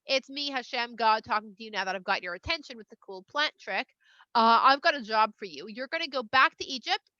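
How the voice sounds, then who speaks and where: A woman's voice: fairly high pitch, expressive, fairly quick, pushed and bright, dry recording. A woman voicing God as a casual, chatty, reassuring figure in a retold story, on a dull, slightly lo-fi recording. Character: God, a casual, patient, all-powerful voice.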